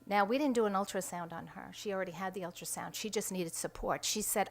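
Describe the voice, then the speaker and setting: A woman's voice: medium pitch, fast talker, vocal fry, few pauses. A middle-aged woman who directs a pregnancy center, giving an emphatic press conference statement at a podium microphone indoors. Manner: emphatic, re-enacts quoted dialogue. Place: indoor room at a state capitol.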